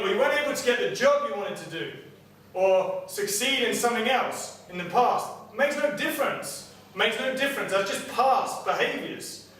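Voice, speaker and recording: Energetic trainer in an echoey room. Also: male voice, sits high. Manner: energetic, keeps checking in with the audience. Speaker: personal trainer giving a seminar. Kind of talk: motivational seminar talk. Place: seminar room with clients. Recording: very echoey room, distant mic, faint noise.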